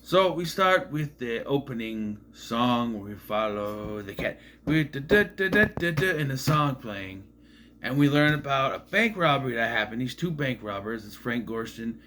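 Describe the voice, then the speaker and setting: A man's voice: mid-range voice, animated, moderate pace, noisy background. Rambling man recapping a movie. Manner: rambling and musing, often unsure. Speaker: movie reviewer.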